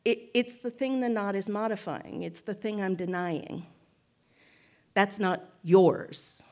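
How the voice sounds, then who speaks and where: A woman giving a reflective spoken teaching to a group, measured and thoughtful, often checking in with "right?" and restarting phrases. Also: mid-range voice, darkish tone. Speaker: guest speaker.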